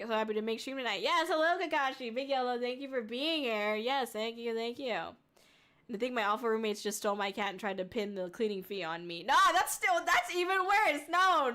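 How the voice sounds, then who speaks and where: A woman's voice: a little high, a bit bright. A young adult woman VTuber streaming, chatting casually and reading chat aloud, giggling often and rambling with fillers.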